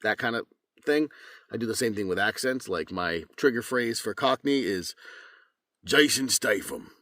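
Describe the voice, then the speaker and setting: A man's voice: fairly low pitch, moderate pace, dry recording, studio quality. A young man, a voice actor, talking casually and a little rambling, with plenty of fillers. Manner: relaxed, rambling, many fillers. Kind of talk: casual vlog talk.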